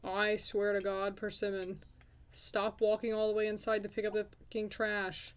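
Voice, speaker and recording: A woman's voice: mid-range voice, completely flat delivery, normal speed. A young woman hosting a casual game commentary, chatting and swearing at her characters as she plays. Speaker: let's play host.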